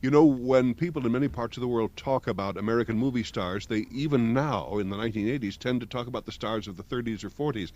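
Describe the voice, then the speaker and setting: A man hosting a radio talk show, chatting casually and telling anecdotes in a thoughtful, measured way. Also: medium pitch, a little mellow. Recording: dull lo-fi radio broadcast.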